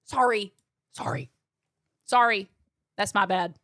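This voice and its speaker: A young Illinois woman speaks slowly at a medium pitch, with a faint accent mixing Midwestern and West Coast American. She chats casually on a live stream, reading the chat out loud, laughing easily, and dropping casual swears. The recording is dry and studio-clean.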